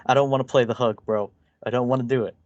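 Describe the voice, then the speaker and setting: A man's voice: mid-range voice, fairly even intonation, fast talker, no echo, dull audio. A man co-hosting a podcast, trading crude jokes and mocking impressions, laughing often. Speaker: podcast co-host. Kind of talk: casual comedic commentary.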